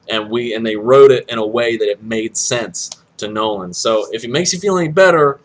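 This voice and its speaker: A young man from Kansas giving his opinion in a casual vlog, animated and excitable, with sudden jumps up to high exclamations. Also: normal speed, hardly any pauses. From Kansas, USA. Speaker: vlogger reviewing a movie.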